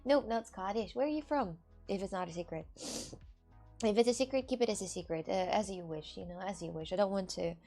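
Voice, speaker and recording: A woman's voice: medium pitch, a little fast, dark tone, soft background music. A woman from Russia with a Russian accent, rambling chattily in loose non-native English on a casual livestream with viewers. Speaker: streamer.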